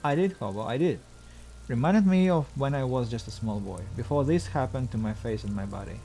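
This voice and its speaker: A scarred, long-dead mercenary from a video game speaks in a soft, tender tone, as a man reads him out. The lines come out wistful and slightly mocking, at a middling pitch. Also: animated, a little fast, a little hiss or hum, natural voice.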